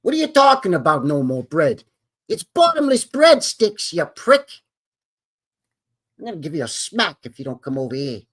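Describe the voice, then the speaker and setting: A man putting on a hot-tempered mobster, tough-talking and quick to throw insults. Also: fairly high pitch, sing-song, a bit bright, pitched above the performer's own voice. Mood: indignant.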